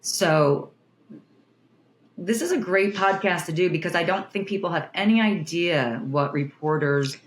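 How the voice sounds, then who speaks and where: A middle-aged woman with a somewhat low voice tells her stories earnestly, and her feeling shows as she talks. She is recorded in an echoey room with faint noise behind her. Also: a little slow. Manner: earnest, emotional storytelling with restarts. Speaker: TV news reporter. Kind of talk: interview guest, candid conversation.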